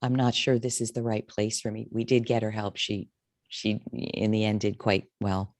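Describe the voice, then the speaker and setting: A woman's voice: level tone, normal speed, a little mellow, no room sound. Candid woman coach, dry close sound. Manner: candid, emotional, wide swings in pitch. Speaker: career coach guest. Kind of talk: interview storytelling.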